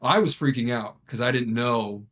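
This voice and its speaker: Among friends on the podcast he co-hosts, a young man casually recounts a story at normal speed in a medium-pitched voice. He's animated, performing what people said.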